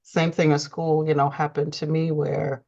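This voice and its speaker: A woman's voice: sits low, little pitch movement, normal speed, creaky, darkish tone, lo-fi sound. A woman from Canada hosting a talk show, chatting casually with many fillers. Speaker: host. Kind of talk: casual conversation.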